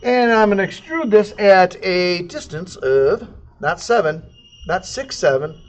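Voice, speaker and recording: A man giving a casual, jokey software tutorial, throwing in sound effects and silly asides. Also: high-pitched, lively intonation, a little slow. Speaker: CAD instructor. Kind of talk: casual screen-recorded tutorial.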